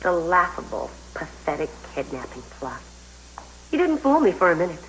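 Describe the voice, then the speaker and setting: A woman's voice: lowish voice, wildly swooping pitch, moderate pace, slight background noise, poor audio. An actress playing a scheming, spiteful woman who taunts her rival in a sneering soap-opera manner. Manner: sneering, contemptuous.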